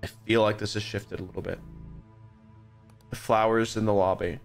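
A young man with a fairly low voice chats loosely to his viewers while streaming a spooky game. He rambles and restarts his sentences, and his voice jumps up high when something startles him. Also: level tone, normal speed, vocal fry, soft background music. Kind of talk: casual gaming livestream chat.

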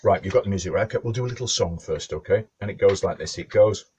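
A man's voice: low voice, quick pace, soft background music. A male storyteller and author telling a children's story and reading a bedtime book in a playful way. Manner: lively, playful, talks straight to children.

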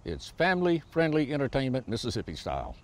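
A man narrating a TV magazine show in a friendly, lively presenter manner. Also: medium pitch, fast. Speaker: show host. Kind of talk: scripted TV narration.

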